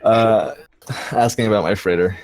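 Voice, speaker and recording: A man's voice: on the low side, normal speed, darkish tone. A man playing a tabletop game over a video call, laid-back and hesitant. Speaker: player.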